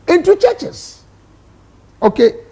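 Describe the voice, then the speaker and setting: His pitch is extremely high, and his slow, mellow speech has a sing-song lilt. He is a Ghanaian-accented guest on a talk show, debating passionately in the studio and posing rhetorical questions.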